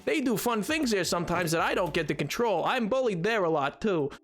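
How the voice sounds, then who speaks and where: A man's voice: high voice, expressive, fairly quick, fairly bright tone, faint music behind. Jokey, laughing male streamer. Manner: jokey, self-mocking, lots of laughing. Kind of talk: casual live-stream chatter.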